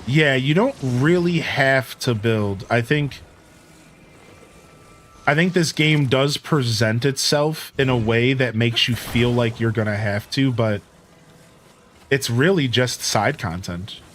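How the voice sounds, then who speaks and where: A man streaming a game, giving casual commentary and telling stories, chatty and animated, full of "like" and "dude". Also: mid-range voice, slow pace, slight background noise.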